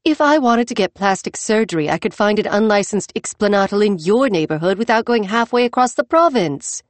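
A woman's voice: mid-range voice, lively intonation, a little fast, dry recording, natural voice. A woman reading an audiobook gives lines to a wry, somewhat defensive young man, staying close to her own voice. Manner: plain, a little defensive.

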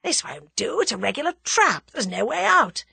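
Woman voicing a brisk young male adventurer, storybook, near her own voice, slightly husky. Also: sits high, very animated, bright, forceful tone, no echo, pitched above the performer's own voice, heavily acted. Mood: wary. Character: young English adventurer, plucky and practical.

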